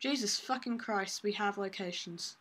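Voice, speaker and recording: A woman's voice: mid-range voice, normal speed, fairly bright tone, a little hiss or hum. A woman making casual, self-deprecating asides while reading a game aloud.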